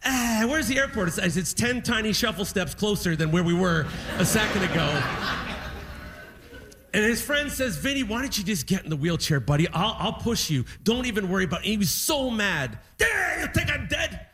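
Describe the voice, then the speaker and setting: A man doing stand-up on a live stage, telling animated stories and acting out his father. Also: high-pitched, moderate pace. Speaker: stand-up comedian. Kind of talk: stand-up comedy set. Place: live comedy stage in a music hall.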